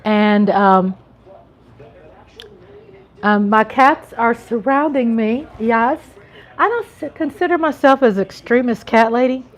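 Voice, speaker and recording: A middle-aged American woman hosts a live chat stream, her fairly high voice moving slowly with long pauses. She talks casually and chattily, laughs often, and greets viewers by reading their names from the chat.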